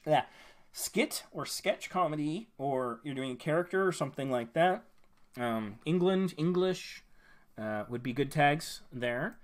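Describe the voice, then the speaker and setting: In a casual live broadcast, a man with a fairly high-pitched voice reviews channels from his audience. He talks through his thoughts with fillers and restarts, rambling a bit while giving good-natured advice.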